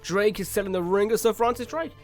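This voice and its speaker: A man narrating a video game review with excitable, animated reactions. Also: high-pitched, fast, soft background music.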